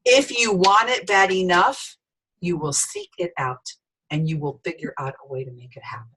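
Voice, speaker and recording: A middle-aged woman giving an animated sales training talk, telling stories with voices for the people in them. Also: fairly low pitch, moderate pace, husky, poor audio. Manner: storytelling, lively quoted voices.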